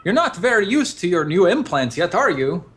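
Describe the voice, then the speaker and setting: Player voicing a tall probing questioner, raised pitch, lively intonation. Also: male voice, normal speed.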